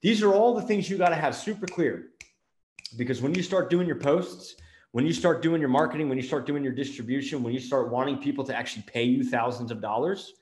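Speaking to camera in a clearly echoey room, the middle-aged marketing agency owner and show host pumps out an energetic business pep talk built on one rhetorical question after another. His voice sits at a typical male pitch, a little fast, with a darkish tone.

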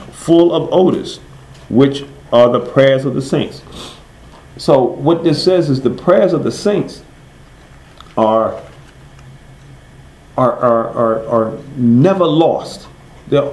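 Guy teaching bible class, reads verses real slow, asks the room questions, echoey. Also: medium pitch, animated, a little mellow. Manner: asks the class questions, then answers them; reads verses slowly and stresses each word.

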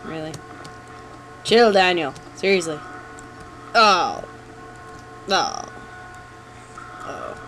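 A let's play host commentating a horror game, jumpy and nervous, groaning and gasping and coaxing the character to calm down. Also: medium pitch, drawn-out words, long pauses, a little hiss or hum, rough recording.

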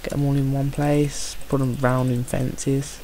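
A young man with a Birmingham accent, giving chatty, excitable and jokey commentary on his own gameplay. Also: mid-range voice, unhurried, slight background noise. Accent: Birmingham English. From Birmingham, England.

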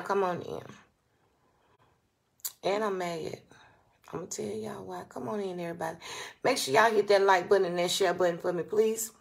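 Hosting a relaxed live stream, a woman with a medium-pitched, creaky voice greets viewers by name in long, animated calls, then slips into quiet asides. She sounds roomy and far from the microphone.

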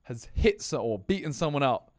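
A young man co-hosting a podcast, chatting casually in a relaxed way, explaining at length and laughing easily. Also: medium pitch, moderate pace, dry recording, clean studio sound. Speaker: podcast co-host. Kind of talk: casual chat.

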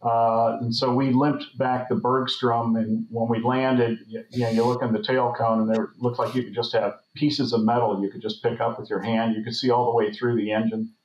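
A man's voice: mid-range voice, flat delivery, normal speed, hardly any pauses, a little mellow. A man in his sixties, a podcast guest who tells rambling anecdotes, full of fillers. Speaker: guest, former Navy flight officer. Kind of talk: casual storytelling chat. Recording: roomy, dull remote audio.

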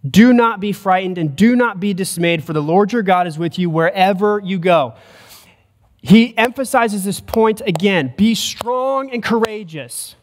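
A pastor with a high male voice delivers a sermon at a moderate pace in a church sanctuary. His earnest manner builds to emphatic preaching, and the hall adds a long reverb.

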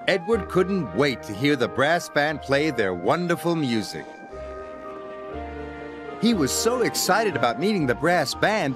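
A man reading a children's story aloud in an expressive storytelling voice, over music. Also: fairly high pitch. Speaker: storybook narrator. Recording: music playing behind.

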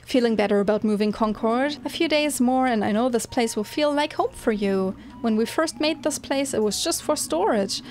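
A woman's voice: a little high, normal speed, few pauses, darkish tone, lightly acted. A woman voicing a kindly elder plant-folk leader in a video game, reading in an encouraging way.

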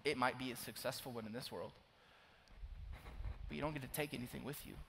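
A young man from Oklahoma preaching a sermon to young adults, swinging between loud urgent pleading and hushed, near-whispered confession. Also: mid-range voice, fairly quick, gravelly. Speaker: youth pastor. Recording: long hall reverb, faint noise.

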